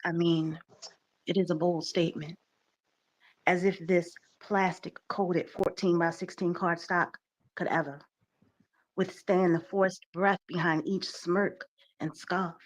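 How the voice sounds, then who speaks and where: A woman performing spoken word poetry in a measured, pointed, sardonic way. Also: on the low side, steady tone, low-quality recording.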